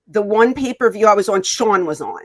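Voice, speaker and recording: A woman's voice: medium pitch, brisk. A woman guest in an interview, telling a story and acting out the dialogue as she goes. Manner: animated, acts out quoted dialogue. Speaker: wrestling guest.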